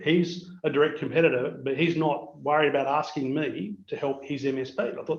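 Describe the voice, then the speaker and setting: A man's voice: on the high side, quick pace, hardly any pauses. Australian man telling business stories. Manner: anecdotal, animated storyteller acting out dialogue. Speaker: business owner presenting to peers. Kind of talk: storytelling keynote on a video call. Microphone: video call. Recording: roomy, dull video-call audio.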